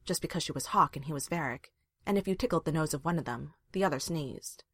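A woman reading a fan fiction story aloud with expressive narration. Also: low-pitched, quick pace, husky, dry recording, clean studio sound. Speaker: reader.

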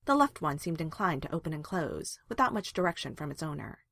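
A woman narrating a story aloud in a calm, even reading voice. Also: low voice, brisk, creaky, dry recording. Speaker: reader.

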